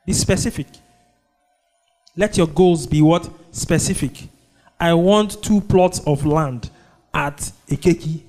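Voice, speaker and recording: A man's voice: fairly high pitch, slow, long pauses, darkish tone, soft background music. A man with a Nigerian accent preaching a sermon, who keeps asking the congregation "what?" so they finish his sentences. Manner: call-and-response preaching, prompting the congregation with "what?". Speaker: pastor.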